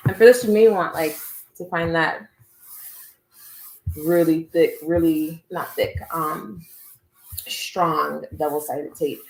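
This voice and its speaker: A woman's voice: deep voice, slow, vocal fry, pauses often, darkish tone, roomy sound, poor audio. A woman co-hosting a casual crafting livestream, talking cheerfully through her steps with lots of fillers.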